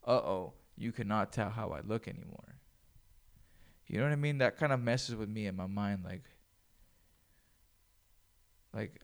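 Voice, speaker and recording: Male solo podcast host, casual, swears constantly, rambles. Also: medium pitch. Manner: profane, rambling, loose.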